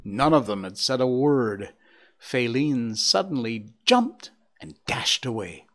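A man reading a children's story aloud, bringing the characters to life with a varied voice. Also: slow. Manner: lively, voicing characters with shifting pitch. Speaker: narrator.

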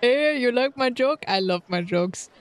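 A man's voice: extremely high pitch, expressive, measured pace, clean tone, dry recording. A man playing a tabletop roleplay game in character, goofy and joking, rambling through his lines with restarts. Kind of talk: in-character improv in an actual play game.

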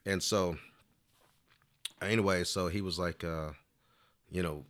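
In a steady, slow delivery, a man with a low and somewhat bright voice recounts a long story. He's a flute player chatting casually in an interview, rambling and leaning heavily on "you know."

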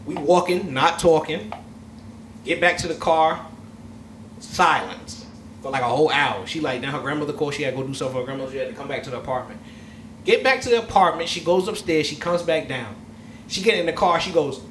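A man hosting a casual chat, telling a long story in a loud, profane, laughing way. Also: fairly high pitch, expressive, fast. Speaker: host. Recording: echoey room, mic far off, faint noise.

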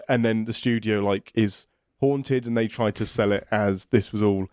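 A man's voice: on the low side, steady tone, normal speed, darkish tone, clear, resonant tone, dry recording, studio quality. A man co-hosting a podcast in casual, enthusiastic chat. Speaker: podcast co-host.

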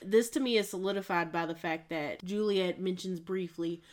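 A woman's voice: on the low side, normal speed, darkish tone. A woman co-hosting a film podcast in casual chat, giggly and vividly retelling scenes. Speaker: podcast co-host.

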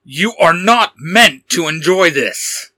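A man's voice: mid-range voice, unhurried, sharp tone, no echo. A man voicing a stern young male vigilante who gives clipped, firm commands in a fan audio story.

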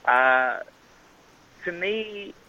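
An Australian actor being interviewed in casual chat, rambling with frequent restarts and fillers. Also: male voice, high voice, lively intonation, very slow, muffled recording. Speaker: actor guest.

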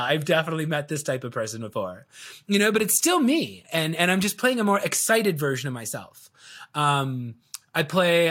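High-voiced, animated man talking shop. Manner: animated, rambling with many fillers. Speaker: guest, video coach. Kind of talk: casual interview talk.

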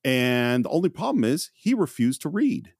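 A man co-hosting a film podcast, telling behind-the-scenes stories in a casual, animated way and acting out quotes. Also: mid-range voice, normal speed, gravelly, no echo, clean studio sound. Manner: animated storyteller, acts out quotes. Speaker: podcast co-host.

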